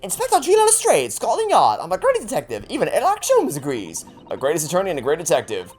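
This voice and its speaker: A man voicing a spunky, boastful young female police inspector in a video game, pushing his voice much higher. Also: wildly swooping pitch, fast, a little mellow, soft background music. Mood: chirpy. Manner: bubbly and boastful.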